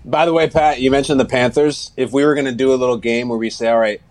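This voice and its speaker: A man who is a guest on a sports podcast, telling lively stories and mimicking people as he chats. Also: mid-range voice, fast talker. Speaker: guest, TV morning show co-host. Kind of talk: casual sports talk.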